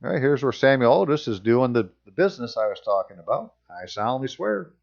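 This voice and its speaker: A man's voice: medium pitch, animated, brisk, creaky, darkish tone, muffled recording. Sarcastic man reading and remarking. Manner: sarcastic, reads passages aloud and remarks on them. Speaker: channel host. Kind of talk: casual commentary, reading aloud.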